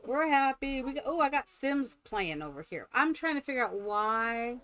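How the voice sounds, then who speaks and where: A woman's voice: high voice, big pitch swings, moderate pace, fairly bright tone. Chatty older woman streaming a game. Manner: chatty, thinks aloud, coos at family. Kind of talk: casual gameplay chat.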